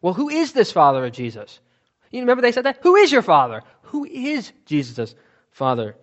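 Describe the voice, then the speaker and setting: Man, Bible teacher, higher voice, question-and-answer teaching, emphatic, dull lo-fi sound. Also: wildly swooping pitch, moderate pace, a bit bright. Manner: explanatory, asks and answers own questions, stresses words. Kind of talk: teaching sermon.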